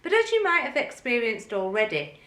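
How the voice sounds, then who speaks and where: Lively woman teaching music. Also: on the high side, moderate pace, echoey room. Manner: clear, methodical teaching with counted chanting. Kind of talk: instructional video lesson.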